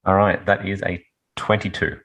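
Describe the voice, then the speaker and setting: Deep, husky man at a game table. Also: level tone, normal speed, fairly bright tone. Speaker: player. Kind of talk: casual game-table talk.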